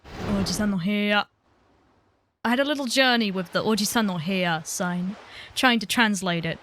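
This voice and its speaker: A woman giving casual, chatty let's-play commentary, self-deprecating and quick to giggle. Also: mid-range voice, a bit bright, slight background noise. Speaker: gaming video creator.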